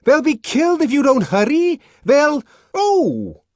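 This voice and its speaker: A man voicing a nervous, timid man in a panic, shouting high and frantic in an audiobook. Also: wildly swooping pitch, very slow, slight background noise, heavily acted. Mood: panicked.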